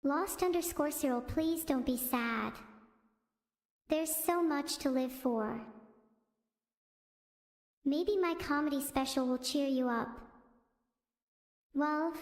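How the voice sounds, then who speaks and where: A woman's synthetic text-to-speech voice hosting a stream, chirpy and self-centred with deadpan quips. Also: sits high. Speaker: AI streamer host. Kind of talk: stand-up style stream chat. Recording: roomy echo with long reverb.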